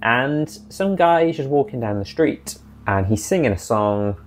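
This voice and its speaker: A man recapping his tabletop campaign as dungeon master, in a chatty, animated way. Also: medium pitch, normal speed, a little hiss or hum.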